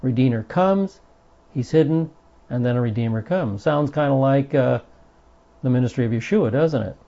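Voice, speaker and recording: Gravelly dark-voiced guy teaching bible study, earnest and emphatic, kinda dull lo-fi recording. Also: medium pitch, normal speed. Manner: earnest, emphatic, reads quotes aloud with stress.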